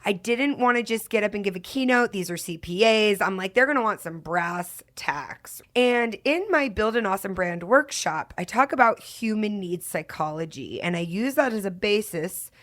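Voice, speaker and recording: A bubbly woman hosts her own podcast, talking in a loose, effusive way. Her voice sits at an ordinary middle pitch, and she laughs easily between thoughts. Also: lively intonation, normal speed, hardly any pauses, fairly bright tone. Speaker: podcast host. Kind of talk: casual podcast chat.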